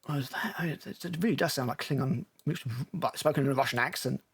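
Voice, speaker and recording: A man's voice: medium pitch, fast, breathy edge. A male film critic giving blunt, sarcastic, profane commentary while reacting to a movie trailer.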